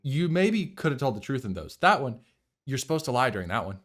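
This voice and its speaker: A man giving casual live commentary on a film he is watching, sarcastic, profane and animated. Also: medium pitch, fairly quick. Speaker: movie reactor.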